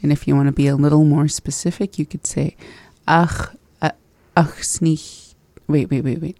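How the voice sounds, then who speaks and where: Woman, low warm voice, slow and careful, practising phrases in a language lesson, dry close sound. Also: flat delivery, dry recording. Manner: practises phrases slowly and laughs at her slips. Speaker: language learner and co-host. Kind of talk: casual language lesson chat.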